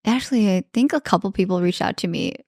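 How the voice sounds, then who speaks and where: A young woman co-hosting a podcast in casual chat, upbeat, with quick agreeing replies. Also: medium pitch, animated, a little mellow, no echo, clean studio sound. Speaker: podcast co-host.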